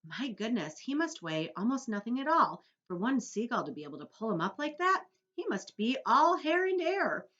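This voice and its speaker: Young boy hero, eager and quick, high voice, read by a woman. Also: very animated, fairly bright tone, muffled recording.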